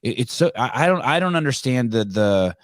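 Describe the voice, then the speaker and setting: A man's voice: mid-range voice, expressive, brisk, no room sound. A man in his fifties hosting a podcast, talking in a profane, rambling way with many restarts. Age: 50s. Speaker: podcast host. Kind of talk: casual chat.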